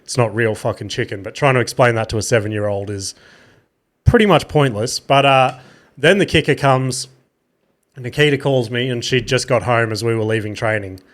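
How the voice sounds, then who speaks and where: A man's voice: mid-range voice, normal speed. A tired Australian man in his thirties telling rambling stories on his podcast, swearing casually and poking fun at himself. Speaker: podcast host. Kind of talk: casual solo storytelling.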